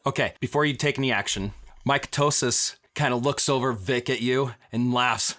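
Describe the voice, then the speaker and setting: A man running a tabletop game as game master, narrating the action lively and chuckling often. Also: mid-range voice, normal speed. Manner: lively narration, breaks into laughs.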